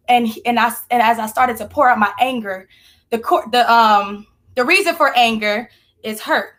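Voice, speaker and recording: A woman's voice: a little high, normal speed, a bit bright. A young woman sharing a heartfelt personal faith testimony in an earnest, conversational way. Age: young adult. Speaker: team member sharing testimony.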